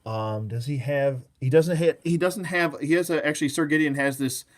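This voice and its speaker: A man's voice: fairly high pitch, moderate pace. A man hosting a live action figure review, talking casually in a rambling, self-mocking way and chatting back to viewers.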